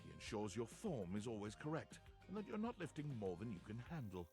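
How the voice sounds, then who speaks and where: A man narrating a video game in calm, measured second-person storytelling. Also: on the low side, faint music behind.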